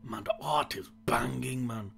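A young man reacting live to an anime film, slangy and excitable, swinging from low mutters to loud outbursts. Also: measured pace, creaky. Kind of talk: live watch-along reaction.

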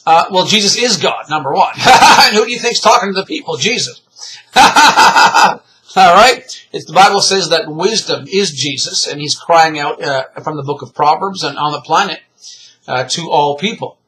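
A middle-aged man giving rambling, animated religious commentary, full of fillers and chuckles. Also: a little high, moderate pace, poor audio. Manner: animated, rambling, laughs often, frequent fillers.

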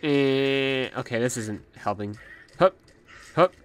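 A young man gives casual let's play commentary, chatting as he plays and calling out to the enemies on screen. He is a little out of breath, and his voice sits in an ordinary middle pitch. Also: takes it slowly. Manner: chatty, talks to the game's enemies. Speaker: gaming channel host.

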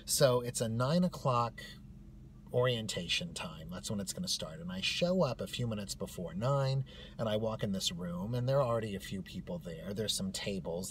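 A man telling a comic personal story in a wry, animated way. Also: on the low side, a little hiss or hum.

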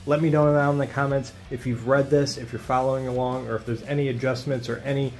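A man casually recapping a comic book issue for his channel in a relaxed, conversational way. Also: medium pitch, quick pace, faint music behind.

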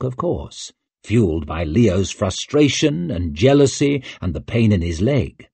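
Guy narrating an audiobook real slow, lots of ups and downs in his voice. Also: lowish voice, creaky, husky, no echo. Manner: measured, expressive storytelling. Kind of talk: scripted narration.

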